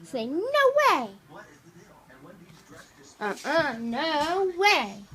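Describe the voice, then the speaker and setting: A woman's voice: sits high, sing-song, extremely slow, a bit bright, poor audio. A woman filming her toddler on a phone at home, teasing and coaxing in playful sing-song baby talk. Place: at home, indoors. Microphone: phone camera.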